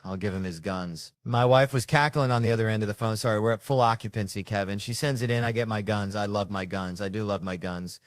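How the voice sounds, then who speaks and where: Homme humoriste au ton grave et gouailleur. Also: male voice, on the low side, fast, hardly any pauses, no echo. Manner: rowdy, profane anecdotes with mimicked voices. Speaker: stand-up comedian. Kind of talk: stand-up storytelling.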